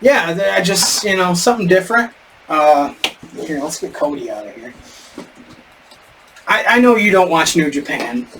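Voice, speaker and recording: A man's voice: sits high, lively intonation, normal speed, long pauses, fairly bright tone. A man co-hosting a podcast in casual chat, rambling and stumbling over names. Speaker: podcast co-host. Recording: distant mic with faint background noise.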